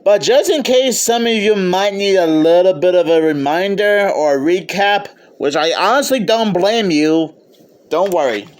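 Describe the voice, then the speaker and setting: A man's voice: sits high, animated, unhurried. A man giving an eager, casual video review of a film, often stopping to restart or correct himself. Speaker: movie reviewer.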